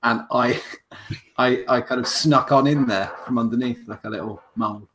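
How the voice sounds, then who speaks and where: A man's voice: medium pitch, fairly even intonation, moderate pace, fairly bright tone, a little hiss or hum. A man hosting a casual livestream chat, rambling and self-mocking, with lots of restarts. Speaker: host.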